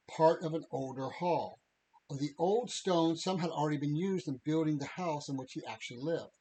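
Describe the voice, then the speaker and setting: A man co-hosting a podcast, chatting and reading passages aloud in a measured, steady way. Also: fairly high pitch, a little hiss or hum, low-quality recording. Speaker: podcast co-host.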